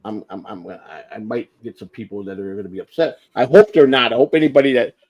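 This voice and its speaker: A man's voice: on the low side, fast, darkish tone. An older man in casual chat on a live stream, talking in an emotional, profane and self-deprecating way. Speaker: stream host.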